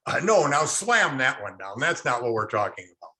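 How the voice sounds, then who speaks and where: A man's voice: medium pitch, big pitch swings, normal speed, sharp tone. A man teaching a real estate class online, explaining through stories and quizzing students in chat. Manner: storytelling, quotes people in acted asides, quizzes the class.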